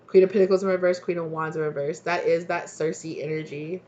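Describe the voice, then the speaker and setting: A tarot reader giving a rambling, animated channeled reading, acting out little dialogues. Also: medium pitch, fast talker, dull audio.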